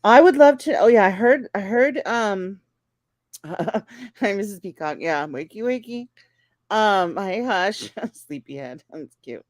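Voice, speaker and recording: A woman who has just woken up joins a casual livestream chat in a drowsy, soft-spoken way. Her voice is mid-pitched and sits dry and close to the mic. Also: animated, takes it slowly, dry recording. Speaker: livestream guest.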